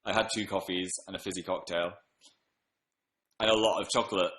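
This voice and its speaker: A man's voice: low voice, steady tone, brisk, fairly bright tone, roomy sound, poor audio. Sleepy man livestreaming from home. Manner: sleepy, chatty, upbeat bursts. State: tired from staying up late. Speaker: livestream host. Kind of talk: casual livestream chat reading comments. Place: room at home.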